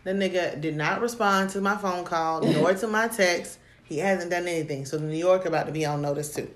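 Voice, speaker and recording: A woman with a low voice chats casually about dating, telling stories in an animated way with frequent laughs. She sounds like she is in an echoey room. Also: a little fast. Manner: animated storytelling, laughs often. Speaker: podcast co-host.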